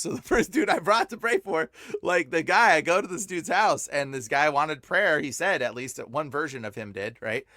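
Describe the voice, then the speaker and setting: A man, a podcast guest, telling stories in a rambling, animated way, full of fillers and laughing as he talks. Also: a little high, normal speed, few pauses, dry recording, clean studio sound. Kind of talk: casual storytelling.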